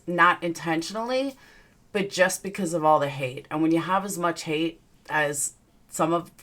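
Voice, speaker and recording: A woman's voice: lowish voice, a bit bright. A young woman with a Southern US accent, hosting a casual livestream and greeting her viewers one by one in an upbeat way. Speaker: livestream host.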